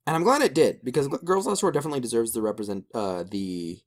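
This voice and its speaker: A man's voice: mid-range voice, quick pace. A man co-hosting a casual podcast, swearing freely and joking around as he runs through a list. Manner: animated, swears casually, salty jokes. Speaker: podcast co-host.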